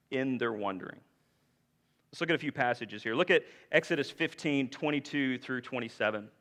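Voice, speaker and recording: Male pastor, bright and forceful tone, chatty sermon delivery, long church reverb. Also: a little high. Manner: conversational preaching with frequent rhetorical questions. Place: church sanctuary.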